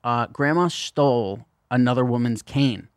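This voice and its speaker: A man's voice: mid-range voice, a little slow, dry recording, clean studio sound. A man co-hosting a podcast, rambling through a story in a casual chat and swearing often. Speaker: podcast co-host.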